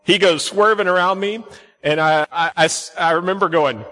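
A man's voice: sits high, normal speed, pushed and bright. A man preaching a sermon in a church, telling stories in a chatty way and asking the congregation questions. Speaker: pastor. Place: church sanctuary. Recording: long hall reverb.

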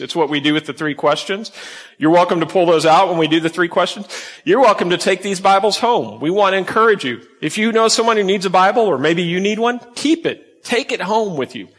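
A man's voice: a little high, a bit bright. A man preaching a sermon to a congregation, teaching in an emphatic way and asking them rhetorical questions. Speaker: pastor. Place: church sanctuary. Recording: long hall reverb.

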